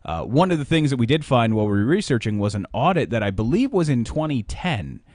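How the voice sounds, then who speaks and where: A man's voice: mid-range voice, very animated, fast talker, darkish tone, no room sound, clean studio sound. A male radio co-host making wry asides and explaining research in casual chat on air. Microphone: studio microphone.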